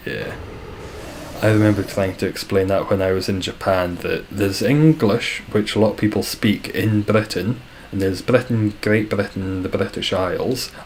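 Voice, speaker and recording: A man's voice: lowish voice, fairly even intonation, measured pace, a little hiss or hum, rough recording. A Scottish man chatting casually on a live stream, reading out viewer comments with dry, self-deprecating humour. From Scotland.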